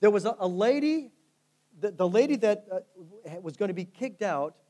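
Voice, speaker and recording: A man's voice: high-pitched, lively intonation, normal speed, warm tone. A male pastor preaching a sermon, telling stories with fervent rises and drops in volume. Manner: fervent storytelling preacher, rising and falling in volume.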